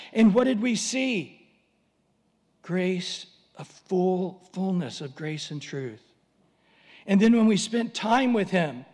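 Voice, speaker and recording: Male preacher, higher pitch, animated storyteller, long reverb of a hall. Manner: animated storytelling, dramatic pitch swings, humorous asides. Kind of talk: sermon.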